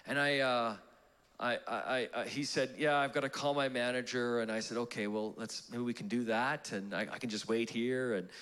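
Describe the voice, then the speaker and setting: A man's voice: mid-range voice, fairly even intonation, moderate pace, a bit bright, smooth. A pastor preaching a sermon, telling a personal story in a conversational way, laughing at himself and restarting his sentences. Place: church auditorium.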